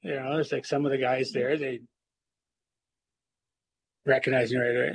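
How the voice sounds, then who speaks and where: A man in recovery telling his personal story in a halting, reflective way, with many fillers and restarts. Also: mid-range voice, little pitch movement, vocal fry, breathy edge, rough recording. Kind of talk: personal testimony.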